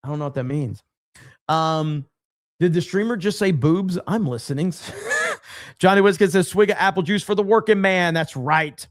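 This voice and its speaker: A man's voice: sits high, moderate pace. A man hosting a casual live stream, rambling and reading viewer chat aloud. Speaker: livestream host.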